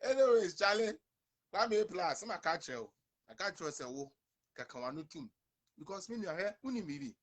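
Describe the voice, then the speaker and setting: Ghanaian male host, young adult, bright forceful voice, slightly high, emphatic and repetitive livestream rant. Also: expressive, fairly quick. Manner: emphatic, repetitive, addresses viewers directly. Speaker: online show host. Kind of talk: livestream rant mixing English and Twi.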